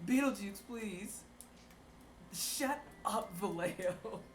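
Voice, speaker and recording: A woman's voice: mid-range voice, slow pace, a little hiss or hum. A woman livestreaming while she bakes, chatting casually with her viewers, laughing and exclaiming often. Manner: giggly, exclaiming, teasing chat. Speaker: streamer.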